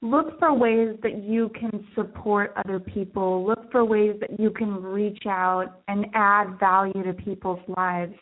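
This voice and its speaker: A woman's voice: mid-range voice, fairly even intonation, unhurried, hardly any pauses. A woman business coach, a podcast guest, giving enthusiastic advice in conversation. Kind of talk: conversational interview. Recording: tinny phone-like line.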